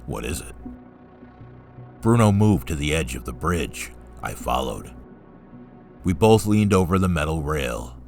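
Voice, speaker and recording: A man reading a first-person story aloud in a calm, steady narrating voice. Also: rumbling low, measured pace, faint music behind.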